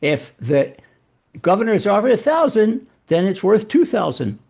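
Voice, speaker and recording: A man's voice: high voice, very animated, normal speed, creaky, darkish tone, husky, exaggerated voice. A man voicing a tempting inner voice that urges greed. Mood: coaxing. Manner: coaxing.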